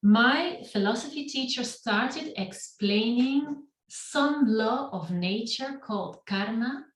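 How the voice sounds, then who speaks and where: Slow middle-aged woman telling her story. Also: on the high side, lively intonation. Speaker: meetup speaker. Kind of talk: personal storytelling talk. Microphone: video call. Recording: roomy and distant from the mic.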